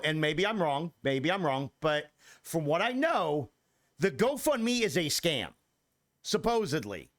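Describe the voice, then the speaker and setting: A man's voice: fairly high pitch, sing-song, unhurried, fairly bright tone. A young man streaming a video game, swearing freely and talking back to his chat with exasperation. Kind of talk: casual gameplay commentary.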